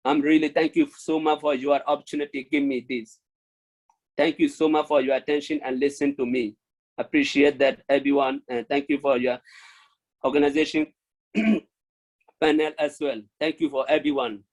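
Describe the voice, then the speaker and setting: Pleading man from Myanmar, halting English. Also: fairly high pitch, flat delivery, low-quality recording. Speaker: refugee speaker. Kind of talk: speech at an online launch event.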